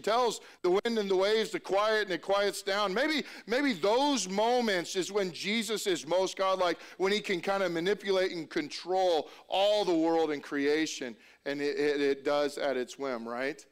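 A man's voice: high voice, a little slow, few pauses, smooth. A man preaching a sermon as pastor, talking conversationally, often restarting sentences and asking the congregation rhetorical questions.

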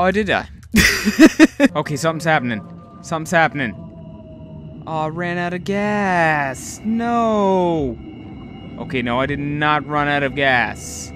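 A young man giving live gameplay commentary, talking to himself, excitable and swearing often. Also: on the high side. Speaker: gaming video host.

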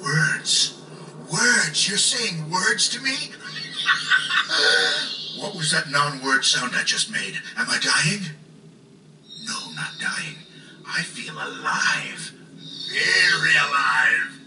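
An actor voicing a disembodied brain that is giddy, confused and grandiose, with an excitable, wildly swinging delivery. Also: male voice, a little high, unhurried. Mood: awestruck. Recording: echoey, distant, with noisy ambience.

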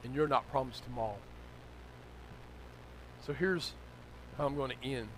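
A male pastor, preaching a sermon that moves from low, conversational storytelling to loud, shouted exhortation. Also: measured pace, a little hiss or hum, low-quality recording.

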